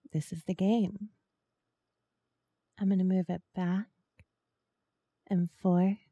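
A woman in whispered role-play, speaking softly and coaxingly, with teasing murmurs close to the microphone. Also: fairly low pitch, no echo. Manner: soft, slow, coaxing and teasing, with breathy murmurs. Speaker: ASMR role-play performer.

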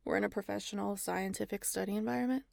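A woman playing a frazzled, overworked scientist who has just cloned herself, talking in a flustered, stammering, excitable way in an erotic audio role-play. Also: medium pitch, quick pace, vocal fry, no room sound, clean studio sound.

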